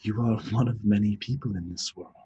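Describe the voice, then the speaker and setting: Guy doing a calm cryptic space being, low husky voice, slow and measured. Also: lo-fi sound. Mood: serene. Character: calm otherworldly male being, solemn and cryptic. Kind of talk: tabletop role-play voicing.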